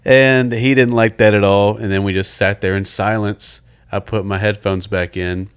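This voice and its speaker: A young man with a very low voice co-hosts a casual podcast. He tells a story in a laid-back way, swears freely and laughs at his own punchlines. His voice sounds slightly congested and sniffly. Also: level tone, normal speed, clear, resonant tone. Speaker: podcast co-host. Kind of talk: casual chat.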